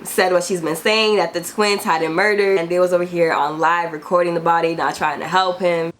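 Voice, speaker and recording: A woman's voice: on the low side, fairly even intonation, fairly quick, a little hiss or hum. A woman hosting a casual commentary video, chatty and informal as she recaps events. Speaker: commentary host.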